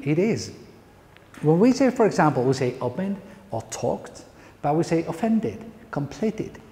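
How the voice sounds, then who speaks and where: Spanish-accented male pronunciation lecturer, mellow, slightly high voice, long hall reverb. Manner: emphatic, playful lecturing with rhetorical questions. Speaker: pronunciation teacher. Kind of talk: lecture to university teachers.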